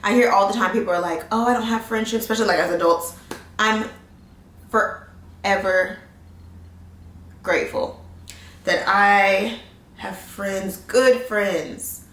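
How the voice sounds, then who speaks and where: A woman's voice: medium pitch, normal speed, a bit bright. A woman in her thirties speaks in a casual, reflective vlog, circling back and restarting her sentences as she thinks aloud. She sits a little back from the mic, and her voice carries a roomy echo. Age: 30s. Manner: earnest, reflective, rambling with restarts. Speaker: vlogger. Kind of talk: casual life-update vlog. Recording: roomy sound, distant mic.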